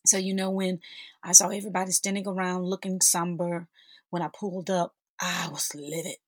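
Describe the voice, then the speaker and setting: A woman's voice: on the low side, flat delivery, normal speed, no room sound. A woman in her forties telling a personal story as a podcast host, heartfelt and talking straight to her listeners. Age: 40s. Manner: heartfelt, addresses listeners as sisters and y'all.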